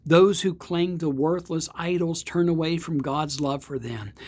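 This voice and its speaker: A man, a pastor, giving a devotional sermon in a slow, earnest way with emphatic repeats. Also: a little high, fairly even intonation, a little mellow. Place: outdoor or home setting, not in church.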